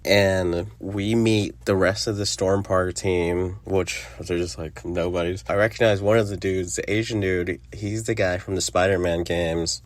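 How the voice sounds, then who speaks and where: A young man with a very low voice chats through a film review for his podcast. He rambles, swears freely and laughs at the plot. The sound is close and dry, with no room around it. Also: no room sound. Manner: rambling, profane, laughs often. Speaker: podcast host. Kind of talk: casual movie review.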